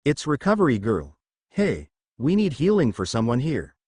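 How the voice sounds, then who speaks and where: A man's voice: medium pitch, huge pitch swings, normal speed, a little mellow, breathy edge, no echo, clean studio sound. A man voicing a flustered, stammering teenage boy hero in a read-aloud fan story. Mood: relieved. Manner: stammering, apologetic.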